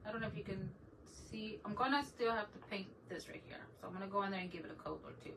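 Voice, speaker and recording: Talking fast with some vocal fry, a middle-aged woman runs a casual DIY craft livestream, chatting and laughing frequently with viewers as she works. Her voice is medium in pitch and slightly bright. The recording picks her up from a bit of a distance, over faint background noise.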